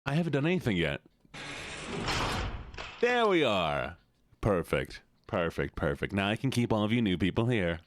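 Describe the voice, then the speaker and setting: Lively, playful male streamer. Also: on the low side, normal speed, long pauses. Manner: playful, teasing, greets viewers by name. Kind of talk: casual live-stream chat.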